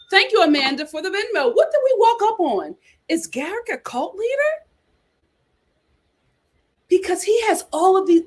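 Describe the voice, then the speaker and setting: A high-voiced woman hosts a livestream commenting on reality TV, reading viewers' super chats aloud in a sassy, animated way.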